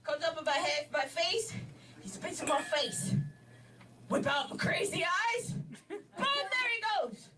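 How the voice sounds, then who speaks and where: A woman doing an erratic stand-up set, often shouting and laughing between lines. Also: very high voice, lively intonation, measured pace, far from the mic, background noise. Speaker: stand-up comedian. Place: comedy club stage.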